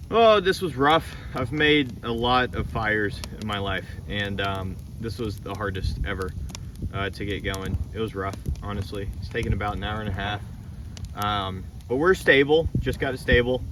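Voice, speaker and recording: A young man with a lowish voice talks in a loose, rambling way into a handheld phone, relaxed and casual, swearing now and then. He is outdoors on a lake island, and a faint hiss of wind sits behind his voice. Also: moderate pace. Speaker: vlogger camping alone on an island. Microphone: handheld phone camera.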